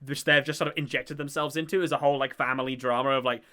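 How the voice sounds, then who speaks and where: Man, podcast host, casual chat, quick talker, bright tense voice, eager and rambling. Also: medium pitch, steady tone. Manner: enthusiastic, rambling, many fillers. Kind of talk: casual chat about a TV show.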